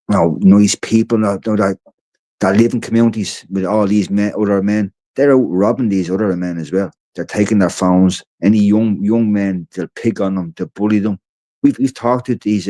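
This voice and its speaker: A tired Irish man chats casually on a livestream, rambling along and swearing freely. His voice is low-pitched and mellow.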